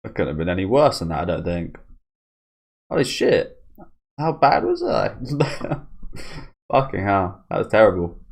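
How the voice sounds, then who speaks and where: Deep-voiced man reacting casually. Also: wildly swooping pitch, measured pace, creaky, long pauses. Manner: swears freely, mulls aloud with restarts. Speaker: manga reaction host.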